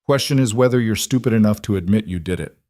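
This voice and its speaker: A man voicing a guarded young rancher who speaks quietly and steadily, in an audiobook western. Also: on the low side, fast talker, dry recording, studio quality, lightly acted. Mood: tense.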